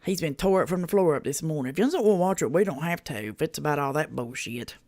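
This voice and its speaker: Fast and expressive, with a medium pitch and slightly mellow tone, a host runs a casual reaction livestream. The talk is folksy, drawling and loose, peppered with swearing, and viewers get greeted by name between remarks.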